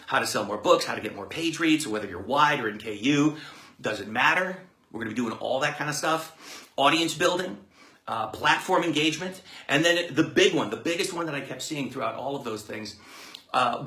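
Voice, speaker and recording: A man gives a loose, playful lesson on book marketing, rambling and happily inventing words. His voice is bright and forceful. The room around him rings with noticeable echo. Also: mid-range voice. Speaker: author marketing coach. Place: room with a whiteboard.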